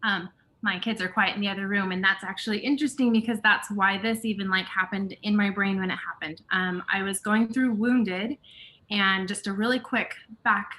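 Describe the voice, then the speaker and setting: A woman participant on a video call, sharing a personal moment in an earnest, halting way. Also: medium pitch, fairly even intonation, pushed and bright. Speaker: participant in a live session.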